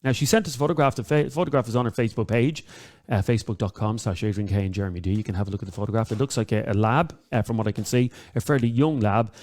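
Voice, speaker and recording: A man's voice: fairly low pitch, racing, a little mellow. An Irish man hosting a talk radio show, chatting to listeners with lots of ums and uhs and repeating the number to call.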